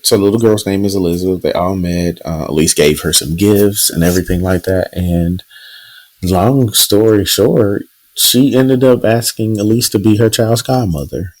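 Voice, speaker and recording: A man co-hosting a podcast, telling a news story in relaxed casual chat with plenty of fillers. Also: low-pitched, moderate pace, poor audio. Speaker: podcast co-host.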